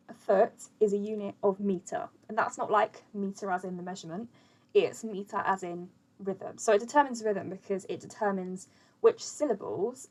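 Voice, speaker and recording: Brief: young woman teaching, chatty and loose, fillers throughout, middle pitch. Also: poor audio. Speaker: poetry teacher. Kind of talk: casual explainer lesson.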